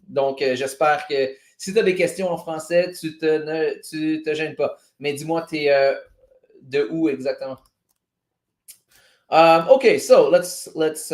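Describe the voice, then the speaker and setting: A man's voice: fairly high pitch, echoey room. A man from Montreal with a Québécois French accent, hosting a casual livestream and chatting loosely, swearing and going off on tangents. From Montreal, Canada. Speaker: livestream host.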